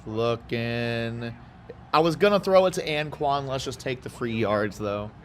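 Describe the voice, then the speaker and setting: A man from Houston giving casual, rambling commentary as he plays a football video game, with excited outbursts and side chatter. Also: medium pitch, unhurried. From Houston, Texas. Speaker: gaming YouTuber.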